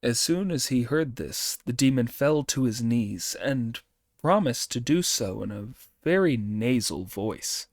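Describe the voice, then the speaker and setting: A man narrating an audiobook in an expressive reading. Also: medium pitch, no room sound, studio quality.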